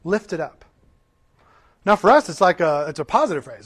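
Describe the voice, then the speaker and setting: In a sing-song delivery at ordinary pace, a pastor whose voice sits notably high preaches passionately. He fires rhetorical questions at his audience and then shifts into heartfelt, casual digressions riddled with false starts.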